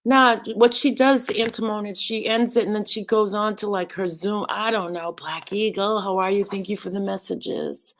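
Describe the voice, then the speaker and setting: A woman's voice: medium pitch, normal speed, few pauses. A woman live streamer chatting casually, rambling and greeting viewers by name.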